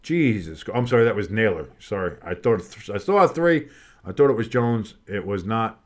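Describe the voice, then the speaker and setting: A man giving casual play-by-play commentary on a game, rambling and swearing between plays and bursting out with excitement on big ones. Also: on the low side, moderate pace. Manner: rambling, swears, breaks off into nostalgic tangents. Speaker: play-by-play streamer.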